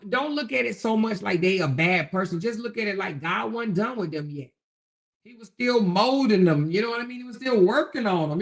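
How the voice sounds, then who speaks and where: A woman's voice: mid-range voice, creaky. A middle-aged woman hosting a casual livestream, reading viewer comments in a folksy way, calling listeners baby and honey and chuckling often. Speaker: livestream host.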